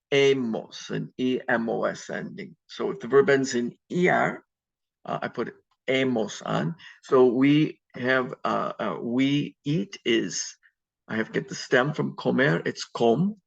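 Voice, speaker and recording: A man's voice: mid-range voice, measured pace, vocal fry. A man teaching a Spanish class over a video call, explaining step by step with frequent ums. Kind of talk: online class lecture. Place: home at computer on video call. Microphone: video call mic. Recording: dull lo-fi video call audio.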